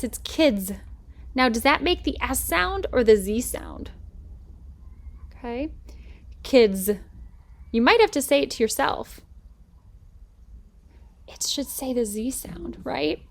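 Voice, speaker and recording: Patient, higher-voiced woman teacher. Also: animated, gravelly. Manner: patient, stretches out letter sounds slowly; checks in often with "okay?" and "right?". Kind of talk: recorded remote reading lesson.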